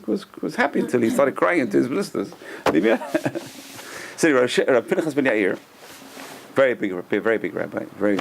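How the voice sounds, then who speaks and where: Gravelly-voiced rabbi teaching a class. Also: male voice, lowish voice, slight background noise. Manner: conversational, repeats himself, tells stories with chuckles. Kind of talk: Torah lesson with storytelling.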